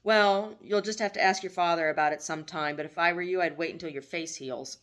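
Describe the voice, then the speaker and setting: A woman's voice: fairly low pitch, brisk, fairly bright tone, close to an everyday voice. A woman reading as a fretful, scolding mother. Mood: motherly.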